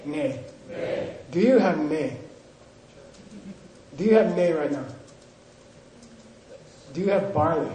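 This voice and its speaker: A man teaching a language class, drilling pronunciation and joking with his students. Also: high-pitched. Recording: echoey room with class audience.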